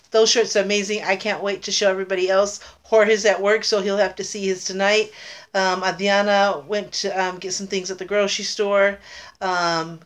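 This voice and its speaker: A middle-aged woman talking casually in an unboxing vlog, gushing and emotional, close to tears. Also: mid-range voice. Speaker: vlogger.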